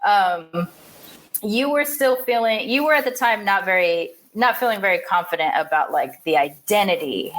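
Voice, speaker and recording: A woman's voice: medium pitch, moderate pace, a little hiss or hum. Wry, opinionated woman podcast host. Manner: animated, opinionated, wry asides. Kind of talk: casual podcast chat.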